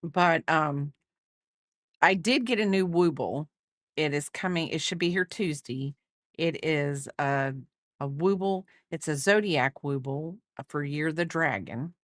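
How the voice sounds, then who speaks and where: A woman with a low voice chats casually while crocheting, teasing and fussing over her dog. She rambles and restarts her sentences. The sound is dry and close. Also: unhurried, dry recording. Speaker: crochet streamer.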